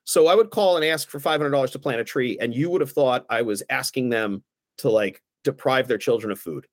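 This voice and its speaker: A man, a guest on a podcast, telling stories in a casual, animated way and acting out the other people's lines. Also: medium pitch, brisk, no room sound, studio quality. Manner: animated anecdotes, acts out the other voices. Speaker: guest, former aldermanic candidate. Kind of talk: casual storytelling.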